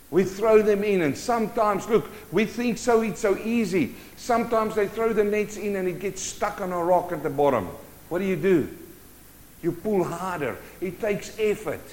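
Guy preaching, kinda high voice, loud then hushed, big hall echo. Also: animated, normal speed. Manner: swings from loud urgent bursts to hushed intimate tones. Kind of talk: sermon. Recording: long hall reverb.

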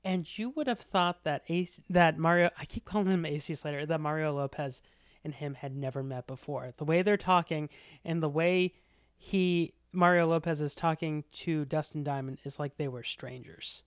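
A woman's voice: deep voice, normal speed, clear, resonant tone, no echo, clean studio sound. A woman co-hosting a podcast, telling a gossipy story in casual chat and swearing freely. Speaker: podcast co-host.

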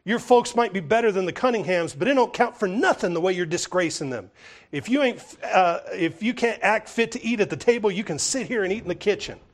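A man's voice: high voice, animated, fairly quick. A man doing a stern Southern housekeeper. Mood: scolding. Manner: scolding, firm and commanding.

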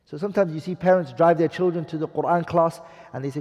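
Husky-voiced man teaching a religious class. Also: on the high side, steady tone, fast, a little mellow. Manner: questions the audience, mixes Arabic phrases. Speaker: Islamic studies teacher. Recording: reverberant hall recording.

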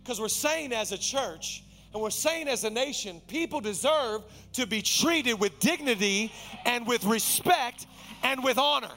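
A man in his thirties preaching a sermon to his church, swinging from shouted, energetic praise to quiet, intimate teaching. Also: very high voice, a little slow, soft background music. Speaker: pastor. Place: large church auditorium.

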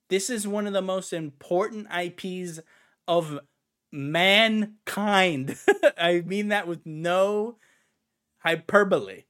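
A man's voice: sits high, expressive, slow pace, fairly bright tone. A man co-hosting a casual gaming podcast, ranting in an exasperated way and swearing now and then. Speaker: podcast co-host.

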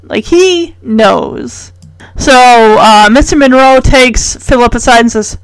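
A woman's voice: high-pitched, animated, slow pace, no room sound, faint music behind, rough recording. A woman recapping a sitcom episode in casual chat, chatty and incredulous, full of rhetorical questions.

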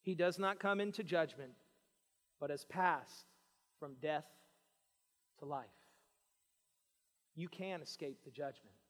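A man preaching a sermon, pleading with his listeners and swinging between hushed lines and shouted ones. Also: on the high side, slow, pauses often, in a large hall.

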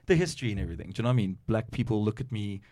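Animated middle-aged man telling stories. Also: lowish voice, racing. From South Africa. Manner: animated storyteller who slips into put-on voices and laughs often. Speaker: radio DJ and guest. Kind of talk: casual interview chat.

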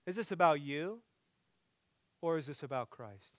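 A man preaching a sermon as pastor, moving between emphatic loud passages and hushed quiet ones. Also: a little high, animated, normal speed, no room sound.

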